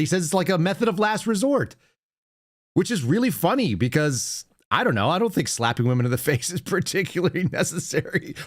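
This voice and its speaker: A man hosting a podcast, giving casual political commentary in a conversational way, with fillers and self-corrections. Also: sits high. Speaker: podcast host.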